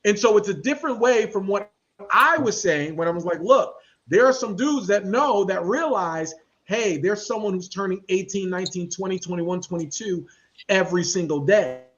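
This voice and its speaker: High-voiced, slangy male podcast host. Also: moderate pace, highs cut off. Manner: animated, slangy, acts out quoted voices. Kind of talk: casual commentary chat.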